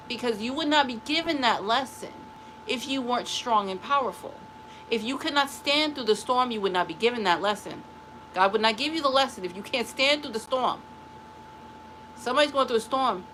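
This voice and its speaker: A woman's voice: mid-range voice, bright, forceful tone, slight background noise, low-quality recording. A middle-aged woman hosting a spiritual live stream, giving a blunt, emphatic motivational talk that repeats phrases for stress. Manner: blunt and dismissive.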